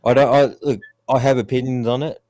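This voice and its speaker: A man's voice: mid-range voice, fairly even intonation, brisk, mellow, no room sound. A man, ranting bluntly and profanely in a casual stream chat. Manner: mocks others in raised put-on voices.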